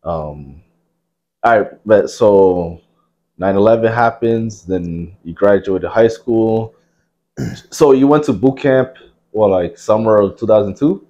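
Speaking slowly in a low, dark voice, a New Jersey podcast host in his thirties rambles through stories with plenty of swearing in casual conversation. The sound quality is lo-fi.

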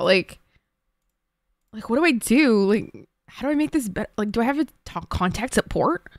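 A woman's voice: on the high side, animated, normal speed, no room sound, studio quality. A woman streamer chatting to her viewers, flustered and swearing often. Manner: flustered, swearing, talks to chat. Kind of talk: casual live-stream chat.

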